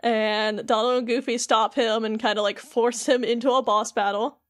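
A woman's voice: fairly high pitch, level tone, normal speed. A woman co-hosting a podcast, chattily recapping a video game with lots of fillers. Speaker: podcast co-host.

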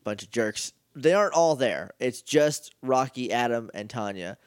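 A young man co-hosting a podcast, recapping a TV episode in casual chat and dropping into quick goofy character voices. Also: medium pitch, animated, smooth, dry recording, clean studio sound. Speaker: podcast co-host.

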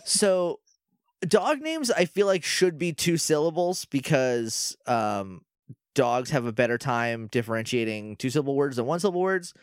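A man co-hosting a casual podcast, recapping a TV episode in lively conversation. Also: mid-range voice, normal speed, clean tone, no room sound, studio quality. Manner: lively, animated, acts out lines from the show. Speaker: podcast co-host.

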